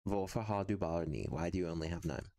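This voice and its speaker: A man's voice: low-pitched, quick pace, warm tone. A man streaming casually while practicing a language, talking hesitantly with many fillers and frequent chuckles.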